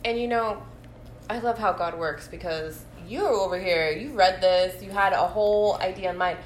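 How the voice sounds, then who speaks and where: A tired woman co-hosting a casual faith podcast, playful and quick to laugh. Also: mid-range voice, slight background noise. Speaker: podcast co-host. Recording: echoey room.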